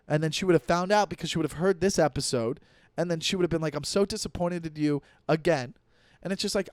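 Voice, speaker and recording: A man's voice: a little high, clean tone, no echo, clean studio sound. A man in his thirties, a comedian hosting his own podcast, telling stories in a rambling, profane casual monologue full of restarts. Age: 30s.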